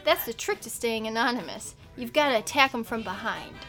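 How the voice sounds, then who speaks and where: High-voiced woman reading a silly story. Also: animated, a little fast, a bit bright, faint music behind. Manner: reads with small put-on quotes, laughs often. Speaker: podcast co-host reading a story. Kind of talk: casual story reading among friends.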